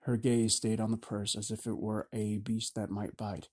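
A man narrating a fantasy audiobook in a steady, measured reading. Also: lowish voice.

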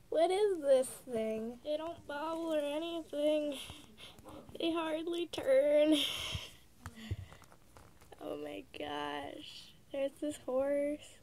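A woman's voice: high voice, fairly even intonation, drawn-out words, gravelly, long pauses, warm tone, a little hiss or hum. A teenage girl with a congested, sick voice, casually chatting through a toy unboxing vlog. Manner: chatty, giggly, amused. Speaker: vlogger.

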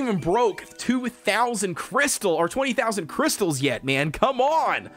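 High, hyped-up male game streamer. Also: a little slow, few pauses, faint music behind. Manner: hyped, excitable, cheering at the game. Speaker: gaming livestreamer. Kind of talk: live gameplay commentary.

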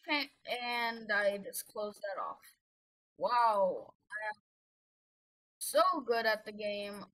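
A woman's voice: medium pitch, slow, long pauses, a bit bright, rough recording. A woman giving rambling, self-mocking commentary while playing a game, easily flustered. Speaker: gamer. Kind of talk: gameplay commentary.

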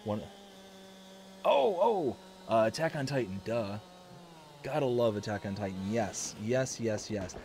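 A young man hosting a live stream, excitedly telling a family story and reading chat, with many fillers and restarts. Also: on the low side, normal speed, a little hiss or hum. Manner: reads chat messages aloud.

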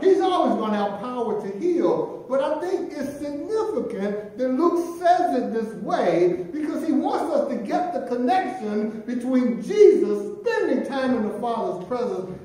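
A middle-aged pastor preaching a sermon, swinging between loud emphatic lines and near-whispered ones. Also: male voice, very high voice. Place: church sanctuary. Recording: very echoey church room from a distance.

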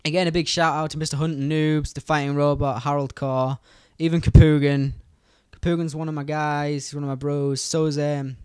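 A young British man chatters through gameplay commentary at a quick, rambling clip, speaking straight to his viewers. His voice is smooth, sits a touch high, and is recorded close and dry with no room sound. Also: a little mellow, dry recording. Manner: fast, rambling, chatty, addresses viewers directly. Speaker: gaming YouTuber.

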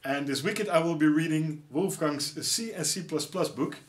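A middle-aged man with a Dutch accent unboxing gifts in a casual vlog, exclaiming often with excitement. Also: a little high, moderate pace. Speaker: YouTuber.

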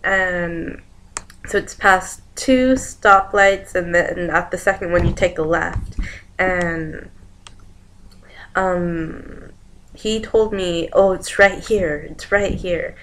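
A woman's voice: on the low side, slow, a bit bright, a little hiss or hum. A young woman casually retelling a dream, rambling from one event to the next and acting out what people said. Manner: rambling, chains events with "and then", acts out quoted lines. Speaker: vlogger.

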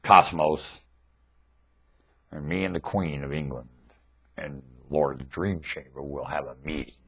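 A man rambling excitedly into his webcam microphone, jumping between thoughts. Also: rumbling low, unhurried, creaky, long pauses, husky, rough recording. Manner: rambling, excitable, often laughing.

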